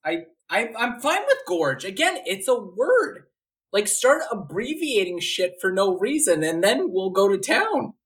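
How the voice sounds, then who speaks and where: Podcast co-host: man, mid pitch, lively swooping delivery, exasperated ranting. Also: unhurried. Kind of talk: casual chat.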